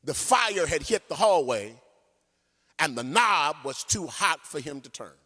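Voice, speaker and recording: A man pastor preaching a sermon and telling a story in an animated way, sometimes singing his phrases. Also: on the high side, measured pace. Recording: long church hall reverb.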